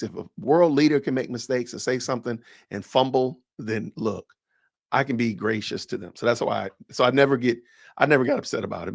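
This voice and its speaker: A man's voice: mid-range voice, vocal fry, dry recording, studio quality. A man with a Southern US accent hosting a podcast livestream, talking in a chatty, rambling way that often doubles back on itself. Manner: chatty, rambling, self-correcting. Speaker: podcast host. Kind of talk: casual livestream talk.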